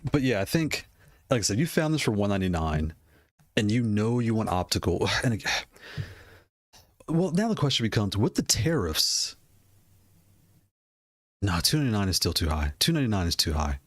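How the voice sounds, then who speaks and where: Guy rambling about fight stick prices, keeps repeating stuff and laughing, low voice, dry mic. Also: big pitch swings, moderate pace, long pauses, no room sound. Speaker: gaming hardware streamer. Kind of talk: casual product commentary.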